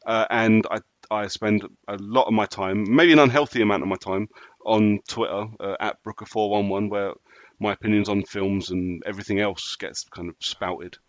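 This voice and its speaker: A British man with a lowish voice chats as a podcast guest in a modest, easygoing way. The recording is dry and a little dull, as if from a plain home setup. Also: steady tone, moderate pace, dry recording. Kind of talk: casual podcast chat.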